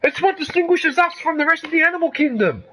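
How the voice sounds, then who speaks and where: A man's voice: extremely high pitch, lively intonation, fast, bright, forceful tone, a little hiss or hum, low-quality recording. A man, ranting heatedly and with lots of swearing during live gameplay commentary. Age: 50s. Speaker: gaming streamer.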